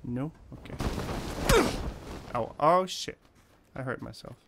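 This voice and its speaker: Slow-talking man voicing gameplay commentary. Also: mid-range voice, expressive, vocal fry, fairly bright tone, a little hiss or hum. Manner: casual, swearing, laughing outbursts. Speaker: gamer.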